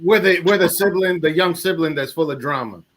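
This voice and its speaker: A man co-hosting a podcast, telling a story in an animated, halting way. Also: on the high side, crowd noise. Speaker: podcast co-host. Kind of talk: casual comedic chat.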